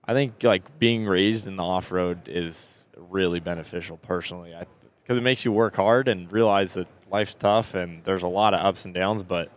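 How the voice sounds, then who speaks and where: A low-pitched man talking earnestly as a podcast guest, his voice sitting deep. He often starts sentences over as he works out his thoughts. It is casual interview talk recorded at a trade show. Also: normal speed. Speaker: off-road racer guest.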